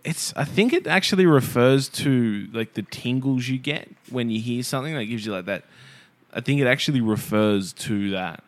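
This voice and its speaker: A man's voice: mid-range voice, lively intonation, normal speed. A young adult man co-hosting a casual podcast, wry and laughing often. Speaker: podcast co-host. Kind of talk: casual chat.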